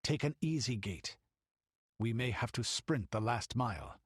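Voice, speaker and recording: A man's voice: mid-range voice, lively intonation, a little slow, breathy edge, no room sound, clean studio sound. Guy doing a curt barbarian fighter barking orders, audiobook. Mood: commanding. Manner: curt, commanding. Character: commanding barbarian warrior.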